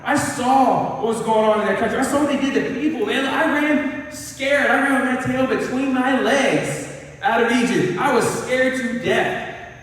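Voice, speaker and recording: A man's voice: very high-pitched, fairly bright tone, voice pushed up. A man voicing Moses as a scared grown man pleading that he doesn't want to go back. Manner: anxious, protesting, fast outpouring. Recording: echoey hall, mic far off.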